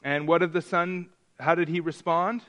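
Here a slightly high, fairly bright male voice speaks at a normal speed with fairly even intonation. He's preaching an interactive sermon, talking conversationally with the congregation, quizzing them, and repeatedly breaking off to restart his sentences.

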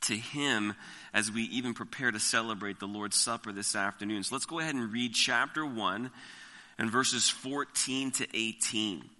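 A man preaching an expository sermon, reading scripture slowly and with emphasis, then explaining it verse by verse. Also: lowish voice, pushed and bright, in a large hall. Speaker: pastor.

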